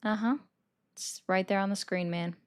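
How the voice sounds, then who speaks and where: Smooth and mid-range, this young woman's voice keeps a fairly even intonation at a moderate pace. She hosts a casual political commentary livestream, talking with viewers, reacting to their comments and fielding calls.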